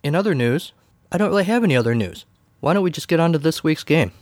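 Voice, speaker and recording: A man's voice: a little high, lively intonation, quick pace, darkish tone, no echo. A man hosting a podcast, talking casually in a wry, sarcastic way. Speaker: podcast host. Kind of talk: casual solo commentary.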